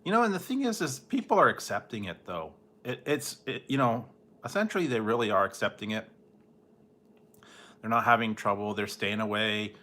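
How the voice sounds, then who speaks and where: A man's voice: fairly low pitch, animated, moderate pace, pushed and bright. Rambling laid-back man. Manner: rambling, laughs often, mimics people in goofy voices. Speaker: livestream host. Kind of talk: casual late-night livestream chat.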